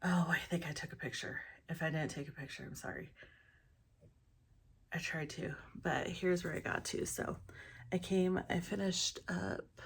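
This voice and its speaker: A woman's voice: lowish voice, steady tone, moderate pace, husky. A woman chatting casually about her stitching projects, rambling with many ums and often dropping into a whisper, in her morning voice. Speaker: cross-stitch vlogger. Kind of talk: casual show-and-tell chat.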